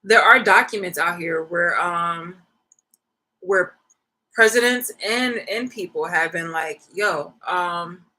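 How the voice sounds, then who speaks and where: A woman's voice: lowish voice, takes it slowly, sharp tone, rough recording. A young woman vlogging in a rambling, slangy casual rant, swearing freely.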